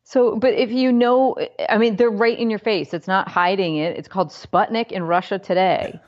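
A woman's voice: medium pitch, steady tone, normal speed, lo-fi sound. A woman co-hosting a podcast, chatting casually and wryly about politics with sarcastic asides. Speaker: podcast co-host.

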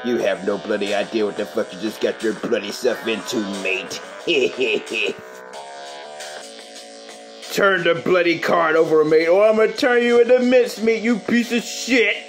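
A man voicing a gruff, menacing male plush toy who threatens and keeps saying "mate". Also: sits high, big pitch swings, slow, hardly any pauses, music in the background, full character voice.

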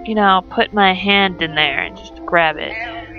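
A woman's voice: medium pitch, measured pace, highs cut off, over music. A young woman commenting on her game as she plays, chatty and swearing as she reacts. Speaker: gamer. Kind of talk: let's play commentary.

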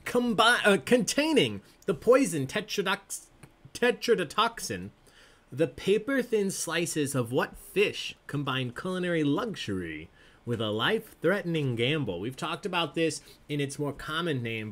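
A man's voice: mid-range voice, fairly bright tone. A man hosting a live trivia game in a casual, playful way, laughing often as he reads questions and answers. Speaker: trivia host.

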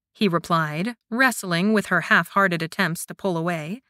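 A woman narrating an audiobook in a measured, scripted reading. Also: lowish voice, bright, forceful tone, dry recording, studio quality.

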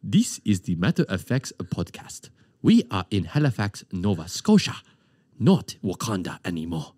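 A man puts on a movie-style Wakandan accent, slow and deliberately grand. The voice sits a touch lower than usual and is dry and close, with no room around it. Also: big pitch swings, mellow, no room sound. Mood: mock-grand.

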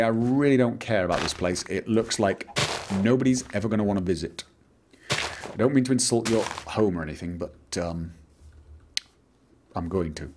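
A man's voice: mid-range voice, big pitch swings, unhurried, pauses often, a little mellow, slight background noise. A man from Manchester with a Mancunian English accent, rambling theatrically while commentating a video game he plays. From Manchester, England. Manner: theatrical, exclaiming inflections. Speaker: Let's Play host.

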